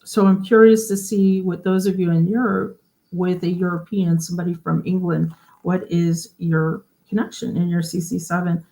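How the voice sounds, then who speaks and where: A woman's voice: fairly low pitch, little pitch movement, normal speed, creaky, warm tone. A woman hosting a casual livestream. She explains things in a chatty way and often asks her viewers questions. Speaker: host of a genealogy livestream.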